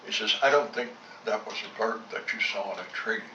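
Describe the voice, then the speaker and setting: Bright and forceful, this older man's voice is on the low side and moves a little fast, with a bit of hiss or hum. A former fighter pilot, he recounts wartime memories bluntly and saltily, playing both parts of past conversations on a roomy, dull home tape made from a distance.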